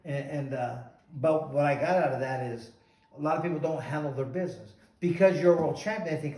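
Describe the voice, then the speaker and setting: Animated man telling a story in a roomy room. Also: a little high, a little fast. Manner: animated, repeats "he goes". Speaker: host, former boxer. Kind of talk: casual storytelling chat. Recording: roomy echo, distant mic.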